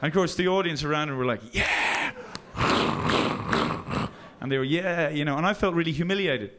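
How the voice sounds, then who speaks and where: A man telling a stand-up story in a halting, deadpan way on a club stage. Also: on the high side. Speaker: stand-up comedian.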